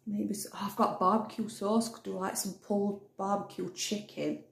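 Gravelly-voiced woman chatting at home. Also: mid-range voice, fairly even intonation, normal speed. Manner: rambling, thinks aloud, self-interrupting. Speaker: vlogger. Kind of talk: casual chatty vlog. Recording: echoey room.

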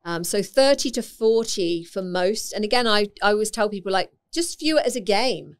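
Woman guest, naturopath, chatty and explanatory, mid pitch. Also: animated, moderate pace, clear, resonant tone. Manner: chatty, explanatory, laughs easily. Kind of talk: casual interview chat.

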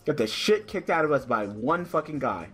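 Over music, a young man with a slightly high, very animated voice comments live on a card game for his gaming channel at a moderate pace. When things go wrong he rants in frustration, swearing heavily and rising to shouts.

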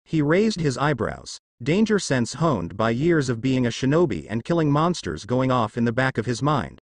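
A man's voice: mid-range voice, very animated, normal speed, dry recording, studio quality. A man narrating a fan story in a storybook reading style.

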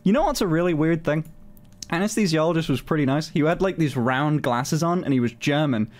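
A man telling a story on his stream in a casual, animated way, swearing often and filling his talk with "like". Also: on the high side, a little fast. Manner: animated, swears a lot, many fillers.

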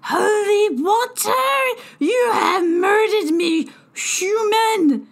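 Woman voicing a whispery old fairy healer, drunken, cagey, slow, broken speech. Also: fairly low pitch, lively intonation, vocal fry, husky, heavily acted. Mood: shrieking.

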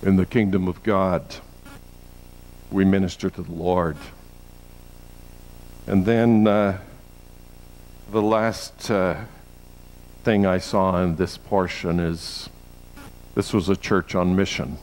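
Low-voiced pastor preaching with rising fervor. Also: male voice, fairly even intonation, takes it slowly, pauses often, slight background noise, poor audio. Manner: builds to loud, high emphatic peaks, with frequent uh fillers. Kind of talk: sermon.

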